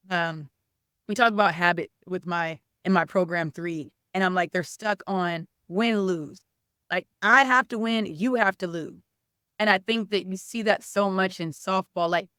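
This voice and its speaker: Woman, middle-aged, softball coach, casual interview talk, chatty with "like" fillers, clear voice, dry sound. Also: mid-range voice, normal speed, no room sound. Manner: animated storytelling, many "like" fillers, acts out quoted speech. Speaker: softball coach and former college player.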